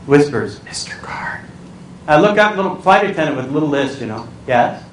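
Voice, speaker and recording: Male comic keynote speaker, high lively voice, story-driven stand-up, recorded from afar in an echoey hall with room noise. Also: quick pace, distant mic. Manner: animated, acts out voices, squeals and cries out for comic effect. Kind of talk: stand-up storytelling to a live audience. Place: large hall with a live audience.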